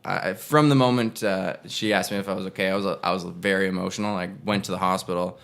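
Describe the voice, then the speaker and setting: A young man with a low, gravelly voice tells a personal story in a relaxed, casual way. He rambles and corrects himself as he goes. He slips into small voices when he quotes people. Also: fast. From Canada. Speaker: actor and podcast guest.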